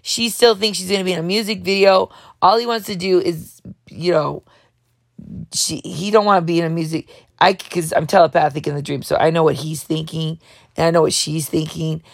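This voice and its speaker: Woman host, gravelly, dry close sound, dramatic rambling comic monologue. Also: on the low side, fairly even intonation, no room sound. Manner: dramatic, over the top; talks fast, jumps between thoughts. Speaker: show host.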